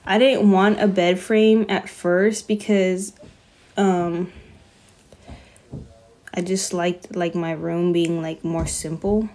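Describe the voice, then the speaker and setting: A woman's voice: lowish voice, flat delivery, takes it slowly, long pauses, a little mellow. A young woman, chatting on a phone live stream from her bedroom, with lots of fillers and laughter. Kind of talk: casual live-stream chat.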